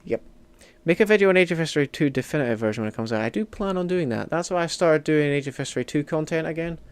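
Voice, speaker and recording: This gaming streamer, a young Scot, has a slightly high, clean-toned voice with lively intonation and a quick pace. Playing a strategy game, he chats casually with viewers, joking, muttering asides and erupting in loud mock outrage as he answers chat.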